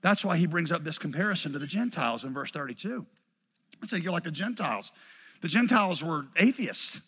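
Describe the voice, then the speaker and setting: A middle-aged pastor with a drawl preaches with animated energy. He slips into quoted voices and then drops low for emphasis. His voice is high and bright, and it carries through a long, echoing hall. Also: a little fast, slightly rough. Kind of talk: sermon. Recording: preached in a large reverberant hall.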